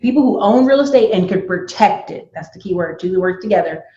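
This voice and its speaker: Woman, interview guest, lively storyteller, quotes people in voices, echoey slightly dull sound. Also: medium pitch, fairly quick. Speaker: guest, YouTuber and entrepreneur. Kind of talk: casual interview chat.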